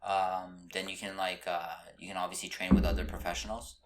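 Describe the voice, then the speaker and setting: Low-voiced man in an echoey room. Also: brisk, crowd noise. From Canada. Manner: relaxed, says "bro" and "you know what I mean". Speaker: guest, professional MMA fighter. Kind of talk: casual chat.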